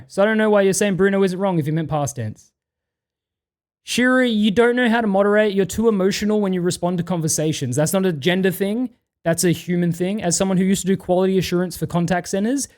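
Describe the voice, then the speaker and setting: High-pitched guy ranting on stream, swears a lot, fed up. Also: darkish tone. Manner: profane, exasperated, reads chat messages aloud.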